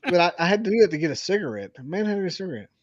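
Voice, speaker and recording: A man from Alabama with a Southern accent, drunk and ranting loudly on a podcast, full of swearing. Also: high voice, big pitch swings, very fast, dull audio. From Alabama, USA. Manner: profane, boisterous ranting. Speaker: guest. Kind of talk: rowdy casual podcast chat.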